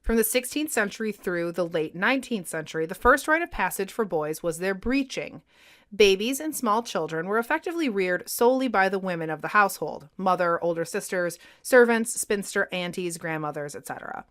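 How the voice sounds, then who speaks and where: A woman co-host narrates a history podcast from her script, and her expressive reading lifts on the lighter moments. Her voice stays at a middle pitch. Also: brisk.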